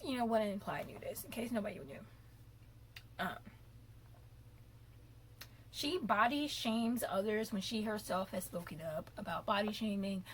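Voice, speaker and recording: A young adult woman vlogger giving opinionated commentary in an animated, ranting way, stretching words out for emphasis. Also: a little high, husky.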